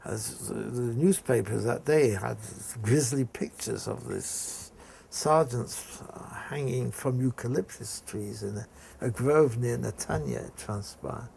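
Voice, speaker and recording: An older man from England recounting a school memory in an interview, telling it haltingly with frequent restarts. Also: medium pitch, gravelly, a little mellow, slight background noise. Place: indoor room.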